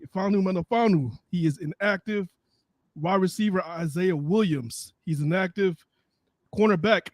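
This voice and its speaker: A loud, joking American man co-hosting a football podcast, swearing freely. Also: high voice, no echo. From United States. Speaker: podcast co-host. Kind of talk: sports podcast chat.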